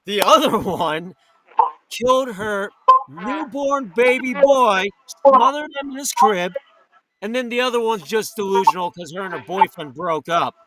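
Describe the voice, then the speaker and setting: A man's voice: high-pitched, animated, measured pace, crowd noise, rough recording. A man hosting a live talk radio show, ranting angrily with heavy profanity. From New York or Florida. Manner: profane, heated, indignant. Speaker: host. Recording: loud background noise.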